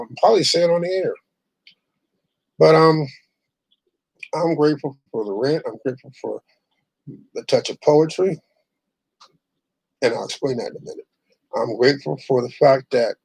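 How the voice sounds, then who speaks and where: A man's voice: medium pitch, creaky, darkish tone, breathy edge, no echo, low-quality recording. Blunt, profane ranting man. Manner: blunt, profane, rambling with restarts. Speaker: online show host. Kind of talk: casual ranting monologue.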